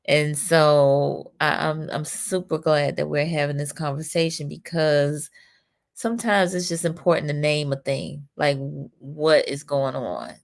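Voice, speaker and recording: Middle-aged lady hosting a talk show, slow and unhurried, reads viewer comments. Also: low voice, gravelly. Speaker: host. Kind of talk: casual talk show conversation.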